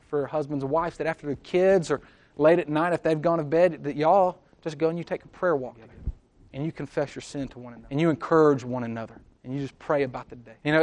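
A man preaching a sermon, earnest, dropping to soft low tones and rising to loud emphatic bursts. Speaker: pastor.

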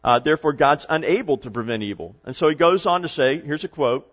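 A preacher retells a story and explains it to his congregation, with a slightly higher-than-usual male voice. The recording sounds dull and lo-fi. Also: brisk, fairly bright tone. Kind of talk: sermon.

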